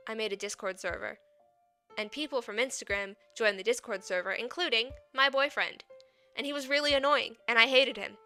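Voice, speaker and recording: A woman's voice: on the high side, sharp tone, smooth. An eighteen-year-old woman VTuber in casual, rambling chat on a desk mic. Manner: rambling, chatty.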